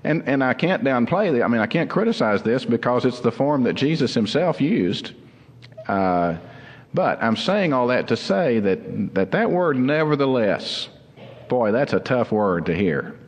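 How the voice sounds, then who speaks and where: A man delivers a sermon in an earnest, teaching manner, explaining the text patiently and stretching out key phrases for emphasis. His voice sits at an ordinary middle pitch. The sound carries the long reverb of a church hall. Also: very animated, unhurried. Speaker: pastor.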